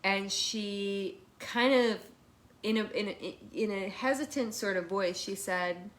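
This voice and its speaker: A woman, a massage therapist, telling a personal story as a podcast guest in a chatty, animated way, with many fillers and restarts. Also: mid-range voice, slow.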